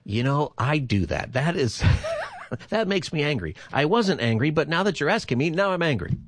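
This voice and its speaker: A man's voice: fairly high pitch, big pitch swings, moderate pace, no echo. A man hosting a call-in radio show as pastor, chatty and laughing easily, speaking into a studio microphone. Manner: chatty, laughs easily, repeats the phone number. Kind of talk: casual call-in radio chat.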